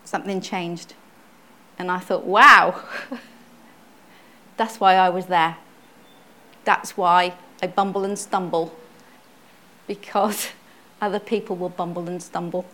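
A woman's voice: lowish voice, flat delivery. Earnest woman preaching a testimony. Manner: earnest and conversational, with halting restarts. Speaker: church speaker, pastor's wife. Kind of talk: personal testimony sermon.

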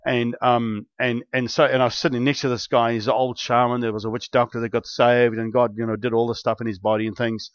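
A man telling a long spiritual testimony in an animated, rambling way, with many restarts and bursts of excitement. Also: medium pitch, fairly quick, hardly any pauses, dry recording. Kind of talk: testimony storytelling. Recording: dull, dry lo-fi recording.

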